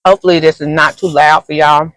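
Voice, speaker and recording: A woman's voice: deep voice, steady tone, quick pace, fairly bright tone, dry recording, rough recording. A woman content creator talking casually in a rambling, chatty vlog from inside a car, eating as she goes. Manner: rambling and chatty, many fillers; talks while eating.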